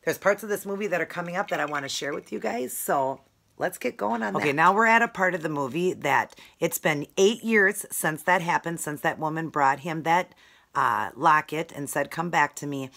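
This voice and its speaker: A woman's voice: low-pitched, normal speed, gravelly, fairly bright tone. A woman chatting casually in a food vlog, talking in a rambling, affectionate way while eating. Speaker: keto food vlogger.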